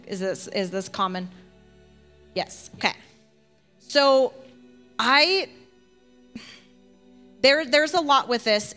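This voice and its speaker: A woman teaching a congregation in a lively, conversational sermon style, with laughing asides. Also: high voice.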